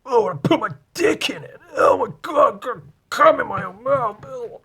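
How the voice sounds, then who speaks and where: A man's voice: extremely high pitch, lively intonation, measured pace, pushed and bright, husky, voice pushed up, full character voice. A man mocking a crude young American dude with an exaggerated, lewd delivery.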